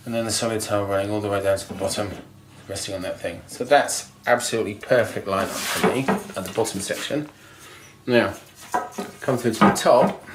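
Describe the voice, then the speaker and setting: Thinking aloud with ums and restarts, a man hosting a DIY video casually explains bathroom tiling step by step. He has a fairly low pitch; the camera mic moves around the indoor bathroom being refurbished, which sounds echoey with background noise.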